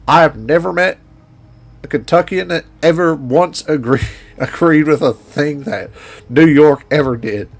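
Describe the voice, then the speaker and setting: Gravelly guy w/ a twang, rambling folksy game commentary. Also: fairly high pitch. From Indiana. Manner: rambling, folksy, talks to himself while playing. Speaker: gaming streamer. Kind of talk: casual gameplay commentary.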